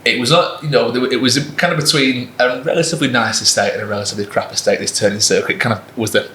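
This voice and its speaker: A man's voice: medium pitch, fairly even intonation, racing, pushed and bright, a little hiss or hum. Chatty man in an echoey room. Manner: chatty storyteller, laughs often. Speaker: podcast co-host, fitness coach. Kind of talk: casual chat.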